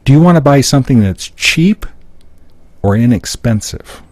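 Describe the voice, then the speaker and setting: Male seminar presenter, mid-pitched, emphatic teaching delivery, dry close sound. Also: expressive, normal speed, darkish tone, no echo. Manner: explanatory, emphatic, acts out example lines. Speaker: seminar speaker. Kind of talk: live public-speaking seminar. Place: seminar room before an audience.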